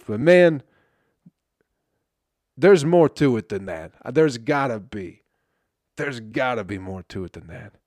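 On a dry recording, a man with a medium-pitched voice hosts a podcast and delivers a profane comedic rant. He swears nonstop, laughs at his own jokes, and sounds dry in the throat.

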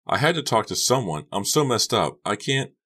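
A man voicing a high-strung, upset teenage girl who talks shrilly and anxiously in an audiobook. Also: big pitch swings, moderate pace, fairly bright tone, husky, full character voice. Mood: distraught. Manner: shrill and agitated. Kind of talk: audiobook character voice.

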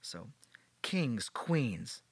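A mid-range, slightly rough voice with big pitch swings and drawn-out words, heard with no echo, belongs to a podcast host. He relates a history story in a playful, easygoing way, adding sarcastic jokes.

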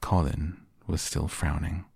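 A man narrating a classic novel softly and calmly as a bedtime story. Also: extremely low pitch, slow, creaky, slightly rough, dry recording, studio quality. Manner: gentle, calm. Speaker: audiobook narrator. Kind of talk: soft bedtime story reading.

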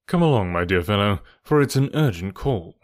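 A man voicing a calm, cerebral male detective who speaks in a measured, assured way. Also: on the low side, no room sound, clean studio sound, natural voice.

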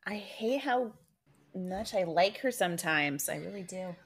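A woman's voice: mid-range voice, expressive, unhurried. A woman co-hosting a podcast, playfully riffing on jokes in casual chat. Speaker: podcast co-host.

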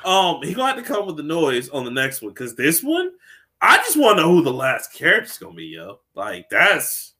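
A man co-hosting a casual podcast chat, excitable and slangy, laughing often. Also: fairly high pitch, moderate pace. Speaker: podcast co-host.

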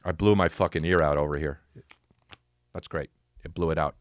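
A man riffing profanely on a comedic rant, animated and joking. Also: rumbling low, normal speed, no room sound, clean studio sound.

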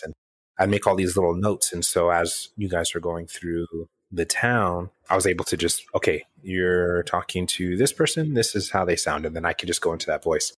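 Low-voiced man chatting casually. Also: normal speed, breathy edge, no echo, clean studio sound. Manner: rambling, many restarts and fillers. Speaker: podcast co-host and game master. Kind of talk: casual chat.

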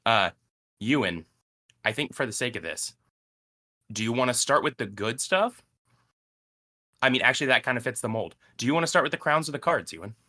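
A man's voice: mid-range voice, animated, brisk, long pauses, pushed and bright. A man hosting a casual sports podcast, upbeat and teasing in his chat. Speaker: podcast host.

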